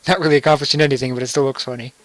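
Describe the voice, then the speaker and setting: A man's voice: medium pitch, steady tone, very fast, dry recording. A young man giving casual, joking commentary over a video game and laughing often. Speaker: let's play commentator.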